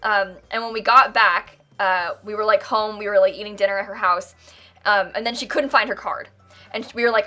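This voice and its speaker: A young American woman, a game streamer, chats casually on a live stream in a fast, bright, forceful mid-range voice. She rambles, says "like" a lot, and laughs often. Faint music plays in the background.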